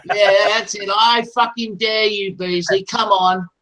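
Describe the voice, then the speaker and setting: Guy going off in a voice chat, loud sweary taunts, pretty high voice. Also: steady tone, a little slow, poor audio. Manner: aggressive, taunting, swears constantly. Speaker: voice chat participant. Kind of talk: heated online voice chat.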